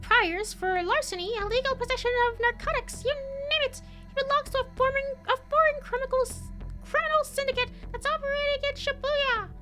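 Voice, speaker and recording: A woman doing a shrill barking police director on the radio. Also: fairly even intonation, brisk, over music. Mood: barking orders. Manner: barking orders at a very high strained pitch. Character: blustering male police director over the radio. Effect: radio transmission. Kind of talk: reading game dialogue aloud.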